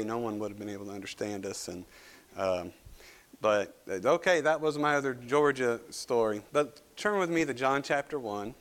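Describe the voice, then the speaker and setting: A man's voice: fairly high pitch, fairly bright tone. A male pastor preaching a sermon, telling folksy stories with southern turns of phrase before reading scripture and praying. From Kentucky. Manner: folksy storytelling with southern expressions. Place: church sanctuary.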